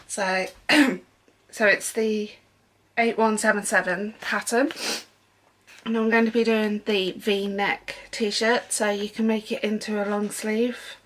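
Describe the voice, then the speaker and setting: A young woman talks through her sewing haul in an easy, meandering way, scattering ums as she goes. Her voice is bright and clear, and she takes her time, speaking at an unhurried pace. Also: mid-range voice, level tone. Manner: chatty and rambling with frequent ums. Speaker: sewing vlogger. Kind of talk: casual haul vlog chat.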